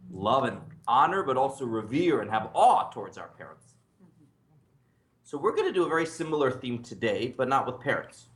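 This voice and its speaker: Male rabbi, chatty lunchtime teacher, quick with jokes, roomy sound. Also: mid-range voice, fairly bright tone. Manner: joking, laughs often, asks students to read. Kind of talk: casual lunchtime Torah class. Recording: echoey room.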